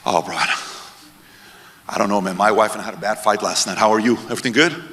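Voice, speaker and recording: A man's voice: fairly low pitch, fast talker, a bit bright, voice pushed down, close to an everyday voice. A man doing a gloomy, worried guy. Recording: echoey hall with long reverb.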